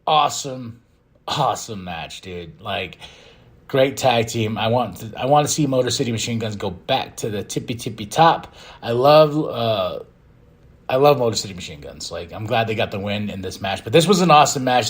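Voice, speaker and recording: A young man talks casually through a wrestling recap on his podcast. His pitch swings widely as he jumps into quick acted-out lines, loud and high, then drops back to a low, relaxed chat. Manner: excitable, acts out quotes in bursts. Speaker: podcast host.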